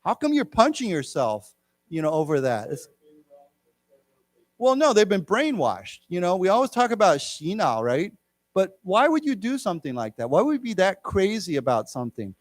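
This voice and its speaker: Man, middle-aged, English teacher, rambling classroom chat, slightly high voice, dry close sound. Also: normal speed, no room sound. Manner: chatty, rambling, with animated quoted voices. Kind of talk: casual classroom lecture. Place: lecture room.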